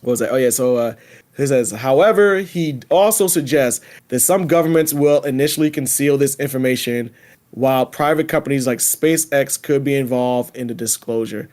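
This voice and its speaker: A man's voice: mid-range voice, normal speed. A man hosting a casual podcast, reading predictions aloud and riffing on them with laughs and slang. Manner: animated, laughing, reads predictions aloud then riffs. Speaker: podcast host.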